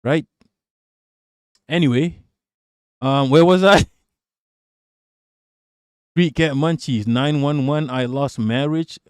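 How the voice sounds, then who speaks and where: A man's voice: fairly high pitch, slow pace, long pauses, smooth, no echo, clean studio sound. A man hosting a live political stream, reading chat and ranting with a lot of swearing. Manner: profane, ranting, talks back to chat.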